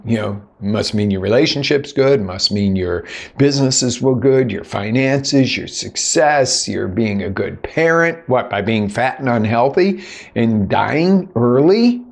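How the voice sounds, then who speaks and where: A man's voice: medium pitch, expressive, a little slow, vocal fry. A man working as a life coach, telling a personal story in a conversational, sarcastic way and acting out what other people said. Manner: conversational, lots of "you know". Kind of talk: motivational storytelling monologue.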